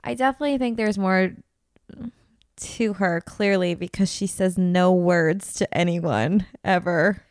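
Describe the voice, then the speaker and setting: Woman co-host, sarcastic and blunt, smooth clear voice, dry sound. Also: fairly low pitch, a little slow, no room sound. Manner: blunt, sarcastic, snarky asides. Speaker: podcast co-host. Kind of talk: casual chat recapping a reality dating show.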